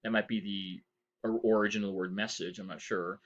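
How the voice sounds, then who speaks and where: A man's voice: on the low side, steady tone, fast. Rambling male history lecturer, lo-fi. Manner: rambling, self-correcting, rhetorical questions. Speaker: history professor. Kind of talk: recorded lecture.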